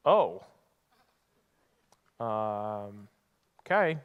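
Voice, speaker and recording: A man's voice: fairly high pitch, expressive, normal speed. A man preaching a sermon in a church, telling a Bible story conversationally and acting out the characters' lines. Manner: storytelling with acted-out voices, conversational asides. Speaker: pastor. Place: church sanctuary.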